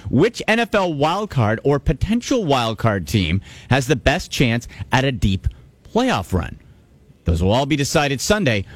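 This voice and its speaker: A man's voice: mid-range voice, dry recording. A man hosting a sports radio talk show, talking with emphatic energy and repeating himself for stress. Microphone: studio microphone.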